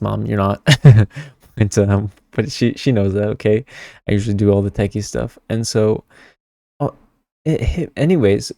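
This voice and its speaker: A man's voice: on the low side, dark tone, no echo, clean studio sound. A young man telling a story to camera in casual vlog chat, swearing freely and tagging lines with "okay?". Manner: chatty, swears a lot, keeps adding "okay?". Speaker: tarot vlogger.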